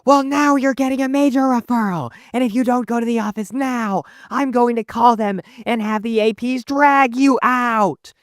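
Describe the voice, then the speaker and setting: A man putting on a shrill, furious schoolteacher lady. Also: moderate pace, hardly any pauses, no echo, studio quality. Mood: stern scolding. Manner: shrill, scolding, bossy. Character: strict, furious woman schoolteacher.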